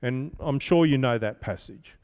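A man's voice: mid-range voice, normal speed, a little mellow, big-room sound. A man giving a conversational sermon as pastor, telling stories with self-deprecating humor.

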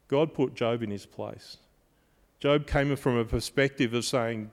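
A man preaching a sermon, telling stories that build to emphatic peaks and then drop quiet. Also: medium pitch, a little slow, long reverb tail. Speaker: pastor.

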